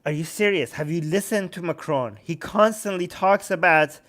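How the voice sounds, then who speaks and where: Male stream host, high voice, sarcastic and heated, bursts into yelling, speaks into a handheld mic. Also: moderate pace. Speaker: livestream host. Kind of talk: heated live commentary. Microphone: handheld microphone.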